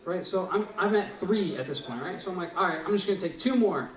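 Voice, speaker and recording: A young man tells a rambling, profane story at an open mic, checking in with the crowd as he goes. His voice sits a little high. The recording is roomy and distant, caught from across a small venue. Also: animated, fairly quick. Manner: rambling, profane, keeps asking "right?". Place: small live venue stage. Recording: echoey room, distant mic.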